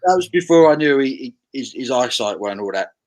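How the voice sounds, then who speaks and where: A man hosting a relaxed livestream, working through viewer comments one by one and riffing on each of them. His voice sits at a middle pitch, and he talks in an easy, conversational way. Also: brisk, low-quality recording. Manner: chatty, reads out viewer comments with asides. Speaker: livestream host. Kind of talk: casual chat reading comments.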